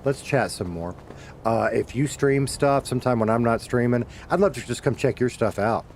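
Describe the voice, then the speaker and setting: Talking to his audience as he plays, this middle-aged male streamer meanders through casual chat, cursing freely and revising what he just said. His voice is a little mellow and of ordinary pitch, moving at a moderate pace over a faint background hiss.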